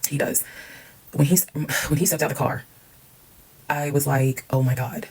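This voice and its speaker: A woman's voice: extremely low pitch, steady tone, normal speed, a little mellow, breathy edge, rough recording. A woman telling a personal story in a casual storytime monologue, candid and emphatic, swearing freely.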